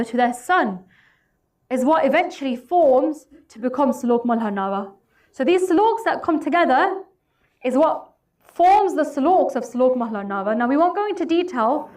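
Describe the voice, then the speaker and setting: Woman, high voice, earnest storytelling, religious talk. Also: darkish tone. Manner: earnest retelling with quoted dialogue. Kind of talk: spoken history talk.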